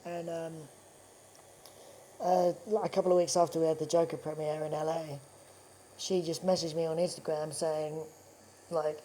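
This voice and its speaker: Laughing, swearing man with a mellow voice. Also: on the high side, level tone, normal speed, pauses often, a little hiss or hum, poor audio. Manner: chatty storyteller, swears freely, laughs often. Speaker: actor guest. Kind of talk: casual chat. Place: tattoo studio.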